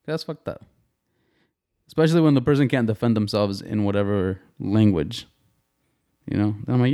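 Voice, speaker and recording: A man hosting a casual podcast chat, animated and profane, laughing often and mimicking his friends in a high voice. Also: normal speed, long pauses. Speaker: podcast host.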